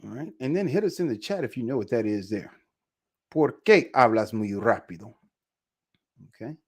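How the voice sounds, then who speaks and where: A man's voice: medium pitch, expressive, breathy edge. Laid-back man teaching Spanish. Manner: casual, repeats phrases slowly for pronunciation. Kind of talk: live online language lesson.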